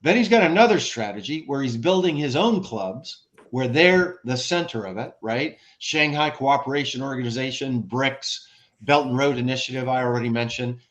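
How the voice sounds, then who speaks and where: An American man, a former ambassador, giving an animated, conversational expert talk with rhetorical questions and frequent restarts, over a video call. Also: medium pitch, normal speed.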